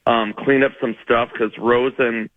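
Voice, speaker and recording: A man's voice: medium pitch, little pitch movement, no echo. Guy comedian rambling thru a funny story on the radio, laughs at himself, kinda muffled. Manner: rambling, self-mocking, with quick laughs. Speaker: comedian guest. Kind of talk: casual storytelling on a radio show.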